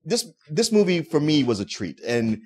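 A man's voice: on the high side, sing-song, normal speed, darkish tone. A man co-hosting a movie review show, giving his take in an easygoing, casual way. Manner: easygoing, laughs along, restarts his sentences. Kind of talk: casual chat.

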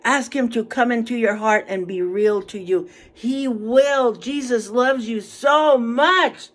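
A woman in her seventies, alone in a small apartment, preaching fervently in a monologue recorded for social media. She breaks into hallelujahs and moves between hushed prayer and high calls. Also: takes it slowly. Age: 70s. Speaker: Facebook video speaker.

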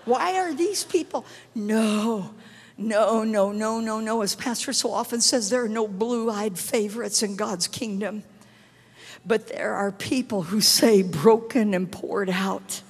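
A middle-aged woman evangelist telling a testimony in a sermon, acting out the dialogue and swinging from hushed tones to shouting. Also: mid-range voice, steady tone, slow pace, husky. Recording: long hall reverb.

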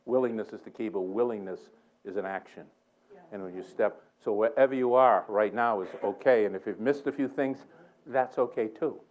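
A man's voice: fairly low pitch, normal speed, a little mellow, highs cut off. Laughing storyteller man preaching in church. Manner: chuckling, playful, self-mocking storyteller. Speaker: guest preacher. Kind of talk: storytelling sermon. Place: church sanctuary.

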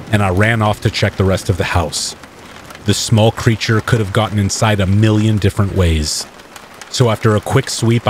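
A man narrating a first-person horror tale with steady, measured delivery. His voice sits low, and a faint patter of rain plays softly underneath. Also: slight background noise. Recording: faint rain ambience mixed behind the voice.

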